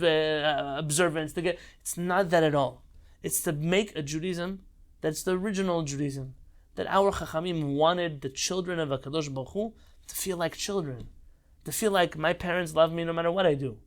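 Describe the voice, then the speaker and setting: A man's voice: a little high, normal speed. A man teaching an online Torah class, speaking with passion and repeating phrases for emphasis over a video call. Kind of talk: heartfelt online Torah lesson.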